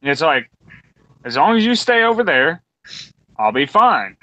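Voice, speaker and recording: A man's voice: a little high, very animated, measured pace, bright, forceful tone, no room sound. A man in his twenties ranting bluntly and profanely in a casual round-table talk. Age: 20s. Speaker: podcast co-host. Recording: dull lo-fi recording.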